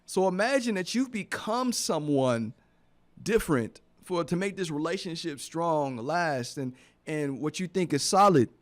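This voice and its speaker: Earnest man with a slightly high voice. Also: expressive, measured pace. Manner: earnest, heartfelt, repeats phrases for emphasis. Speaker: radio show host. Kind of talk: motivational radio talk. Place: radio studio.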